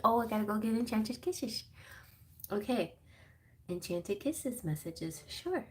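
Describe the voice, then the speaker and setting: A woman's voice: fairly low pitch, expressive, normal speed. A woman doing a casual live-stream tarot reading, reading card meanings aloud with chatty asides. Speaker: tarot reader.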